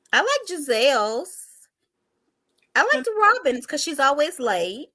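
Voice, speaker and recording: A woman with a high, very lively voice hosts a casual reality TV recap chat, laughing often and hopping from topic to topic. The recording is dry and close. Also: unhurried, long pauses, no echo. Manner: chatty, laughs often, jumps between topics. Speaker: host of a reality TV recap show.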